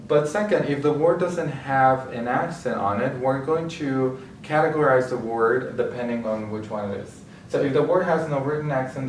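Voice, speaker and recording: A Spanish teacher explains a language lesson in a plain, patient way, repeating himself and often restarting his phrases. His voice is mid-range and darkish, sounding off mic and far away in an echoey room, with a little hiss or hum.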